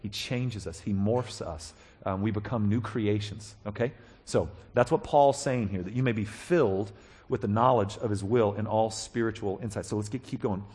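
A male pastor preaching a conversational sermon, animated, checking in with his listeners and acting out quoted voices. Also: on the low side, normal speed, slightly rough.

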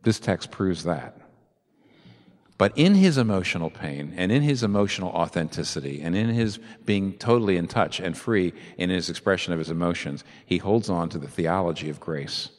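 Animated preacher in a reverberant hall. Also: male voice, deep voice, moderate pace. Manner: animated preaching, swinging from soft asides to loud emphatic peaks. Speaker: pastor. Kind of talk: sermon.

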